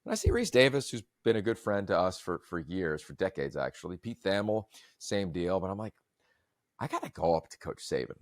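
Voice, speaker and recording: A man hosting a podcast, telling stories in a long-winded, animated way. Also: low-pitched, fairly quick, no echo, clean studio sound. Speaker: podcast host. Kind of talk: casual chat.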